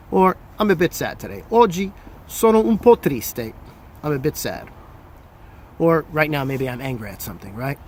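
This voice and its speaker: A man's voice: fairly high pitch, slight background noise. A man from New Jersey with an American accent, teaching an Italian lesson, patiently repeating examples and switching between English and Italian. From New Jersey, USA. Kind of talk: language lesson.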